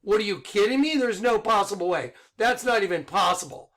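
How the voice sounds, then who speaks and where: A middle-aged man giving an excited religious monologue online, insistent and rhetorical, repeating his points. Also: sits high, brisk. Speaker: online preacher.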